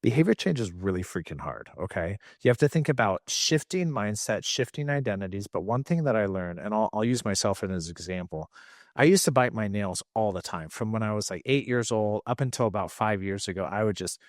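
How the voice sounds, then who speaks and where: This is a man speaking in a lower register as a podcast guest. He explains things earnestly and reaches for his own experiences to make the point. The recording is dry and close, with no room sound. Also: lively intonation, fairly quick, dry recording. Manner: earnest, explanatory, draws on personal examples. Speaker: podcast guest, emotional health coach. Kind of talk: reflective interview talk.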